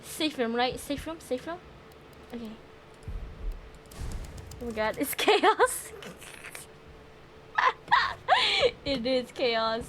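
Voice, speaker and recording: Super high pitched girl streamer, voice jumps all over, yelps and swears a lot while gaming. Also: drawn-out words, long pauses, slight background noise. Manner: excitable, yelps, swears and laughs often. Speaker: video game streamer. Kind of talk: live gaming stream commentary.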